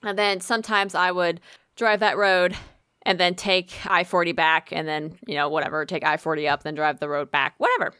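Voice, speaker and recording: A young woman casually telling a spooky personal story, animated and swearing freely. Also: lowish voice, moderate pace, smooth, dry recording, studio quality. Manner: animated, swears a lot, laughs often.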